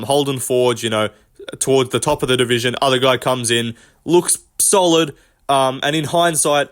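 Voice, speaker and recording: A man's voice: mid-range voice, a bit bright. A man giving casual, blunt fight predictions as host, opinionated and profane, with many ums and likes.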